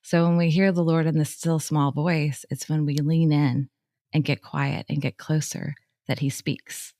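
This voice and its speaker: A woman's voice: low voice, flat delivery, a little slow, dark tone, dry recording, clean studio sound. A woman co-hosting a faith podcast, talking casually and animatedly with lots of "like" and laughter. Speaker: podcast co-host.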